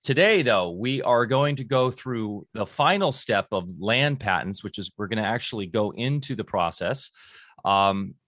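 A man's voice: on the low side, animated, moderate pace, fairly bright tone, no room sound, studio quality. Hesitant man hosting a podcast. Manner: hesitant, many ums and uhs. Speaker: podcast host. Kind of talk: casual podcast talk.

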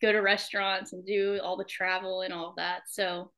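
Speaking in a mid-range voice with little pitch movement, this hockey wife from Alabama talks at a normal pace and sounds fairly bright. She's a young podcast guest with a Southern accent, laughing frequently through a relaxed interview chat.

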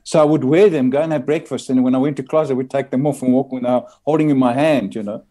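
Older man with a mellow voice. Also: mid-range voice, fairly even intonation, quick pace. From Belgian Congo. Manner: rambling anecdotes with frequent murmured agreement. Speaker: guest. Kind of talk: casual storytelling interview.

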